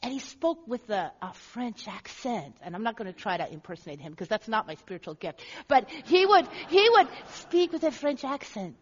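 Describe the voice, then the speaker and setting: A woman pastor with a high voice preaches in a church sanctuary, earnest and leaning on repeated phrases. The sound carries a long hall echo. The recording is dull and lo-fi. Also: big pitch swings, normal speed, few pauses, breathy edge. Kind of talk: sermon.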